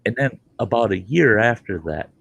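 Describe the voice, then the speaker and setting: An older man hosting a podcast, telling a crude, animated campfire story. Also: lowish voice, moderate pace, vocal fry, breathy edge, no room sound, low-quality recording. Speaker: podcast host.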